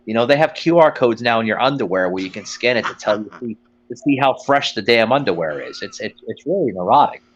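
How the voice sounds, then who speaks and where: A man's voice: medium pitch, expressive, fast talker, dull audio. Rambling, foul-mouthed man telling a story. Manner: profane, rambling, quotes people in put-on voices. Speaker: podcast host. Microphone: phone line.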